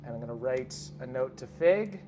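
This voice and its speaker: A man playing in a tabletop game, speaking in character with hesitant, halting phrasing, over background music. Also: mid-range voice, expressive. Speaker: player. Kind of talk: tabletop game role-play.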